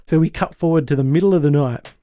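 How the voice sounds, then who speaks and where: A man hosting a podcast, retelling a sitcom episode in an animated way and chuckling often. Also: fairly high pitch, fast, dry recording. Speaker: podcast host.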